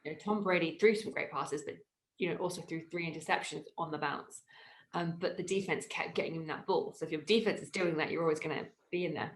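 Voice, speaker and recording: A woman with a somewhat low voice co-hosts a relaxed sports podcast. She talks in a chatty, loose way, pausing on fillers and restarting her thoughts. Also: low-quality recording. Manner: chatty, many fillers and restarts, laughs easily. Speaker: podcast co-host. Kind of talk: casual sports chat.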